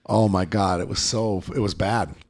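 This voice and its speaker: A middle-aged man hosting a podcast, telling candid stories in a profane, animated way. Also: low voice, normal speed. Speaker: podcast host. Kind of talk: casual conversation, storytelling.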